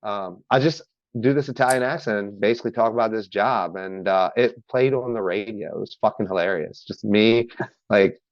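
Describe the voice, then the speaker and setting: A man's voice: on the low side, moderate pace, no room sound, dull audio. A man telling a story in a loose, profane way, chatting casually as a podcast guest. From Maryland, US. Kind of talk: casual chat.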